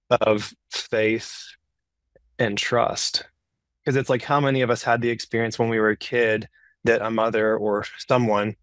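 A man's voice: on the low side, no echo. A man hosting a casual podcast conversation who thinks aloud and searches for his words, often saying "it's like". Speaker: podcast host.

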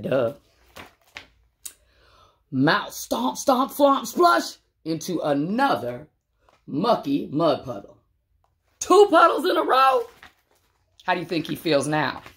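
Woman, storybook reader, playful chatty asides, slow delivery, lively pitch, fairly low voice. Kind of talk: reading a picture book aloud with asides.

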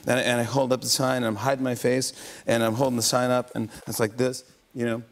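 A man hosting a late-night talk show, telling a story with excitement, laughing and stumbling over repeated words. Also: mid-range voice, fast. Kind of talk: animated comic storytelling. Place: TV studio with live audience.

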